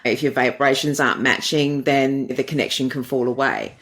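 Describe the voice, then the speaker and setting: A middle-aged woman with a very deep, fairly bright voice speaks at a normal speed. She's a dating coach appearing as a podcast guest, answering interview questions through earnest, flowing storytelling.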